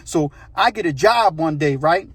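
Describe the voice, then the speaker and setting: A man's voice: fairly high pitch, expressive, moderate pace, husky, no room sound. A man telling a true story in a casual, conversational way, often checking in with the listener.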